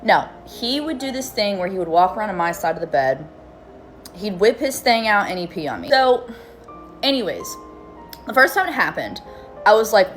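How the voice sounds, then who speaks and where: A woman's voice: mid-range voice, a little fast, soft background music. A young woman casually telling a comic personal story to camera in a blunt, candid way. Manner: candid, blunt, lively retelling with swearing.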